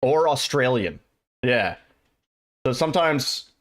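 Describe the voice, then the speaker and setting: A man's voice: mid-range voice, unhurried, a bit bright. A man streaming a speedrun, chatting casually and rambling as he answers his chat, with some casual swearing. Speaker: livestreamer and speedrunner.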